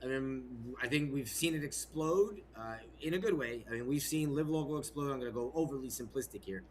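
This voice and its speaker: A man's voice: medium pitch, fairly quick, a little mellow, slight background noise. A man as a podcast guest, speaking casually and hesitantly, thinking aloud.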